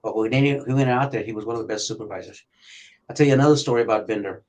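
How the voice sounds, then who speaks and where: An older man and retired detective telling police stories in a profane, animated way, acting out shouting as he goes. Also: medium pitch, rapid-fire, rough recording. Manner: profane, animated storyteller who acts out shouting. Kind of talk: storytelling on a podcast.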